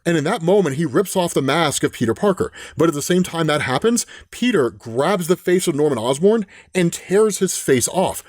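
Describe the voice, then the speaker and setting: A man's voice: a little high, sing-song, brisk, hardly any pauses, darkish tone, slightly rough, no echo, clean studio sound. A man retelling a comic book plot in a casual, chatty way, often tossing in "right?" and "literally". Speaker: comic book recap host. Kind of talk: casual storytelling recap.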